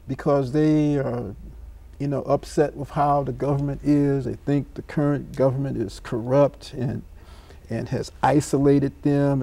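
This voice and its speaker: A man speaking as a scholar guest on a talk show, slow and measured, telling stories as he reflects. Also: mid-range voice, creaky, warm tone, dry recording.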